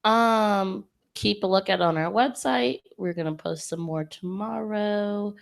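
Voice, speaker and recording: A woman's voice: mid-range voice, measured pace, vocal fry. A woman co-hosting a podcast, chatty and teasing, giggling through a loose wrap-up. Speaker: podcast co-host. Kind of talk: loose joking outro chat.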